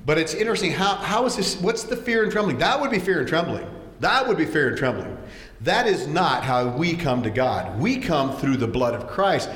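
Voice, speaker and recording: A man's voice: on the high side, sing-song, normal speed, fairly bright tone. A man preaching a sermon, telling stories with animation and acting out voices, often repeating words as he goes. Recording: echoey hall.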